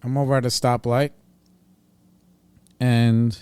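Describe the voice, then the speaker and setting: A man's voice: mid-range voice, flat delivery, slow pace, warm tone, smooth. Blunt profane New man. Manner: blunt, profane, streetwise storytelling. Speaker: podcast host. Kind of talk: casual storytelling monologue.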